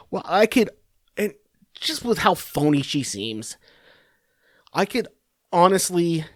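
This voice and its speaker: A man's voice: a little high, dry recording, clean studio sound. A man hosting a podcast, giving rambling, sarcastic political commentary full of swearing and restarts. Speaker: podcast host.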